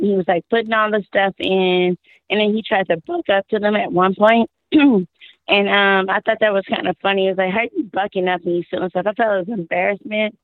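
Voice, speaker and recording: A woman from Texas calling into a show, her voice hoarse and worn out, rambling and exasperated with frequent laughs. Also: mid-range voice, no echo. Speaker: caller. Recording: tinny phone line.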